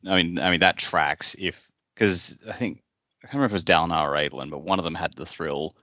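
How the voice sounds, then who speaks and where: A man with a very deep voice and a bright, forceful tone chats on a podcast. He talks in a relaxed, joking way with loose phrasing. The audio is dry and slightly dull. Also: fast talker, no room sound. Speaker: podcast co-host. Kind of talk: casual chat.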